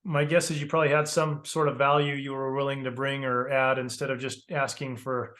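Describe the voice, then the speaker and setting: A man's voice: mid-range voice, flat delivery, fairly quick, fairly bright tone. A man hosting a podcast interview, asking questions and framing them with his own guesses. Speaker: podcast host.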